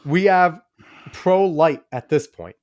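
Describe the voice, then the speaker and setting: A man's voice: a little high, takes it slowly, darkish tone. Blunt, profane male podcast co-host. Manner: blunt, swears freely, talks over others. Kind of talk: casual podcast conversation.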